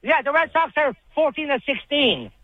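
A man's voice: very high voice, expressive, normal speed, no room sound, narrow, tinny audio. A man calling in to a radio show, needling another caller with mocking questions. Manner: needling, teasing. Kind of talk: radio call-in banter.

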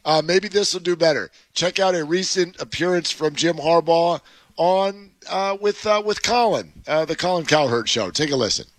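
A sports radio host talking live from a dry-sounding studio, his voice sitting a little high for a man. He banters loosely, teases his co-host and laughs easily. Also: normal speed, no room sound. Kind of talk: casual sports talk.

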